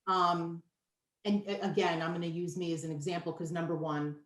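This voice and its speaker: A nutritionist in her fifties speaks as a guest in a casual interview, talking candidly and emphatically. Her voice is lowish, with flat delivery at a normal speed, and the recording has a roomy echo.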